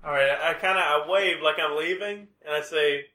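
A man playing a tabletop game, excitable and goofy. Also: a little high, fairly quick, echoey room. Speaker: player. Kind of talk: casual tabletop game chat.

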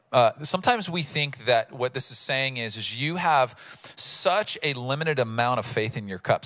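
A man preaching a sermon in a lively, casual way, acting out bits of the story in voices. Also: medium pitch. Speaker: pastor.

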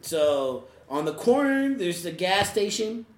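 A man's voice: high voice, very animated, slow, reverberant. A man telling a casual, funny personal story, often laughing as he talks. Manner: laughs through his telling, loose casual speech. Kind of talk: casual anecdote.

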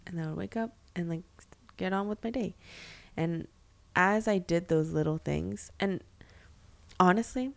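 A young woman with a fairly low voice talks in a candid, reflective way on a faith podcast. She thinks aloud and fills her sentences with "like" and "um." Her tone is earnest and personal. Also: normal speed, gravelly, pauses often. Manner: earnest, reflective, many fillers and restarts. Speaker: podcast co-host.

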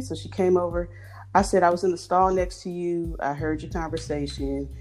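A woman's voice: on the low side, fairly quick, faint music behind. A woman telling stories in a casual chat, acting out the voices of the people she quotes. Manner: animated, acts out quoted voices.

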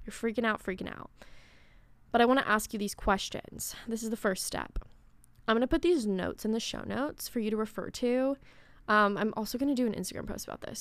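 A woman's voice: mid-range voice, smooth, no room sound. A young woman hosting a casual spiritual podcast, chatty and swearing freely, with whispered asides. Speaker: podcast host.

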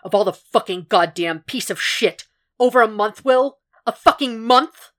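A woman reading a podfic plays an enraged middle-aged male FBI chief who swears and snarls at full volume, the voice pushed high and hard with anger. He bellows more than he speaks, each outburst cut short and loud. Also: moderate pace. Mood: furious.

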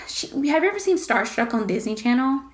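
A young woman with a high voice co-hosting a casual gossip podcast. She tells stories animatedly and swears freely. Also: animated, normal speed. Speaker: podcast co-host.

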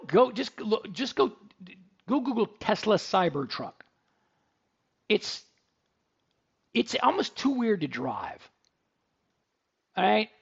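A middle-aged man hosts a radio talk show, telling stories in a chatty, joking way. His voice sits high and has a gravelly rasp. The recording sounds a little dull and lo-fi. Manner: chatty, jokey storyteller. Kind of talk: casual radio talk and ad read.

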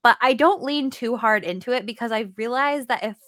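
A woman's voice: on the high side, fairly quick, a bit bright, dry recording, clean studio sound. A woman hosting a casual podcast, chatting in a giggly way with lots of "like" and "um". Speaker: podcast host.

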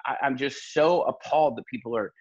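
A man's voice: medium pitch, fairly quick, highs cut off. A male pastor talking in an interview, telling stories in an earnest, impassioned, preacherly way. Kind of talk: earnest conversational storytelling.

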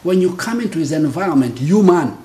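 A man's voice: fairly high pitch, a little fast, a little hiss or hum. A man co-hosting a church teaching talk, using rhetorical questions in a preaching conversational style. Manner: animated, rhetorical questions, affirms often. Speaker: co-host of a church teaching show. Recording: roomy echo.

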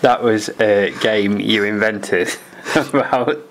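A man hosting a podcast, chatting casually and briskly moving things along. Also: on the low side, a little hiss or hum. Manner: brisk, moves the show along. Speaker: podcast host.

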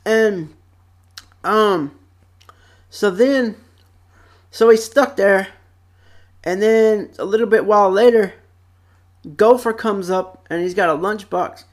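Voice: medium pitch, slow pace, pauses often. A young adult vlogger chatting casually about childhood TV shows, rambling with many fillers and repeated phrases, close to the microphone. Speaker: vlog host.

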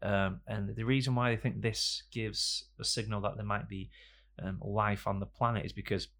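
A young man with a low, gravelly voice chats loosely on a podcast. He rambles through silly stories, stacking up "um"s and restarts as he goes. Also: level tone, normal speed, a bit bright. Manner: rambling, jokey storytelling with frequent fillers. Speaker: podcast co-host. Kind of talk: casual banter.

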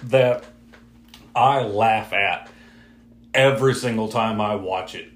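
Guy in his 30s gushing over a movie scene, jumps way up high doing the voices. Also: slow, roomy sound. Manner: animated, acts out scenes in high excited voices. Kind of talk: casual movie discussion.

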